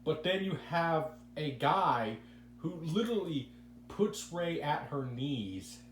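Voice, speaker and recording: Slow and sing-song, with a voice on the high side, this man hosts a laid-back podcast, offering meandering opinions and tripping over repeated words at the start of sentences. The room is echoey, with a faint hum.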